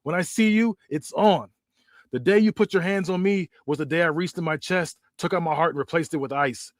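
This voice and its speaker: A man's voice: fairly high pitch, fairly quick, no room sound, studio quality, natural voice. A man voicing a bitter, vengeful male wrestler in a grim, intense delivery.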